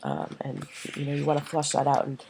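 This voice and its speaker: A woman teacher walks her class through a scene in a recorded lecture, pausing on fillers and asking "okay?" to check they follow. Her voice sits low and gravelly, mellow in tone, with a faint hiss behind it. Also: big pitch swings, rough recording. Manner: explanatory, with many fillers and checks for understanding.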